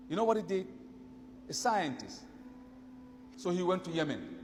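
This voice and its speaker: A man telling a story in a sermon, with animated delivery that rises and drops for the people he quotes. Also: high voice, moderate pace, pauses often, big-room sound, a little hiss or hum. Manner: animated storytelling, voice rising and dropping for quoted speech. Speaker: preacher.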